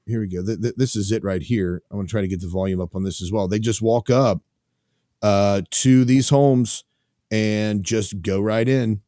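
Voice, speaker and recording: A man's voice: on the low side, moderate pace, mellow, no room sound, clean studio sound. A man hosting a talk radio show, chatting casually and rambling with lots of fillers.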